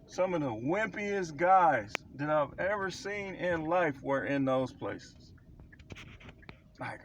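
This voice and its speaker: A man preaches advice straight to camera, blunt and emphatic, hammering points with repetition. His voice sits a touch high for a man. Faint vehicle noise hums in the background. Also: animated, slow pace, lo-fi sound. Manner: blunt, emphatic, repeats himself for stress. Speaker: self-described prophet giving life advice. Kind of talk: casual preaching monologue to camera.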